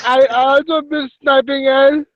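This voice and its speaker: Lonely wistful security guard, a man putting it on; high, plaintive, lo-fi. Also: little pitch movement, a little slow, no room sound. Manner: plaintive calling out.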